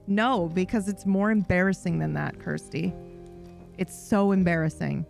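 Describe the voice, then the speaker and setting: A woman's voice: fairly low pitch, moderate pace, vocal fry, darkish tone, faint music behind. A woman livestreamer in casual chat, rambling and swearing freely with a self-deprecating streak.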